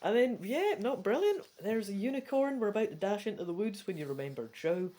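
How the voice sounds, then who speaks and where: A woman with a Scottish accent reads a choose-your-own-adventure book aloud in a casual read-through. Her pitch sits in an ordinary middle range but swoops up and down with lots of life. She keeps breaking off from the text into quick, chatty asides. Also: lively intonation, mellow. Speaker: gamebook reader.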